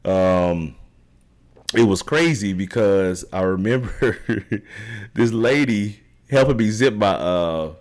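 A middle-aged man as an interview guest, telling a long story in a rambling, animated way and often checking in with "right?". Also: on the low side, slow pace. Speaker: podcast guest, triathlete.

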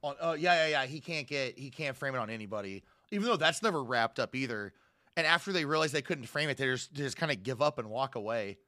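A man's voice: medium pitch, animated, fast talker, bright, forceful tone, no echo, clean studio sound. A young man chatting casually as a podcast co-host, recapping a movie in a rambling way and acting out quotes. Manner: rambling, acts out quotes with raised voice.

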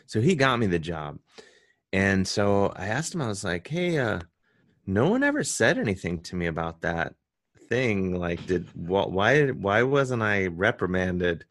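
An American man, a comedian guest, telling a story in casual chat and jumping into high voices when quoting people. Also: very animated, a little slow, a bit bright, no echo, clean studio sound.

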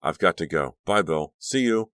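A man's voice: deep voice, animated, moderate pace, fairly bright tone, dry recording, clean studio sound. A man voicing a defiant, impatient teenage girl, with a raised, exasperated delivery.

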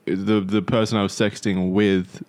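A man's voice: lowish voice, level tone, a little mellow. A young man co-hosting a podcast, chatting casually in a joking, incredulous way. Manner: joking, incredulous, quick to laugh. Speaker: podcast co-host.

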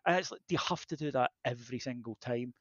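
A man's voice: medium pitch, fast, a bit bright, no room sound. A man co-hosting a casual podcast chat, with an emphatic, sweary, ranting way of talking. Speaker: podcast co-host. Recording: dry, muffled lo-fi sound.

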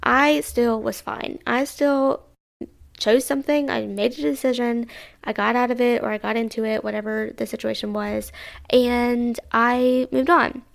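A woman's voice: fairly high pitch, fairly even intonation, measured pace, vocal fry. A woman in her early twenties hosting a solo podcast, rambling in a chatty, self-reflective way. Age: 20s. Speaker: podcast host. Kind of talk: casual solo podcast monologue.

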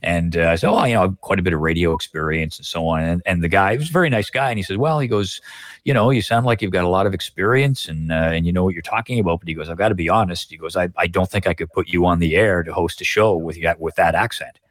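Middle-aged Canadian man, low voice, dry close sound, measured storyteller, podcast guest. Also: dry recording. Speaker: guest broadcaster.

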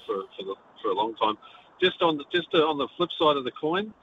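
A man's voice: medium pitch, very animated, fast. A man with a New Zealand accent, calling a sports radio show and chatting with easy laughs. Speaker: caller. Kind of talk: talkback call. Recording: dull phone audio with faint noise.

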